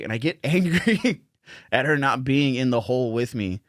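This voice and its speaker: A man who is a comedian, guest on a podcast, telling stories in an animated, playful way. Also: medium pitch, fairly quick, slight background noise. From Mexican-American. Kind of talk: casual chat.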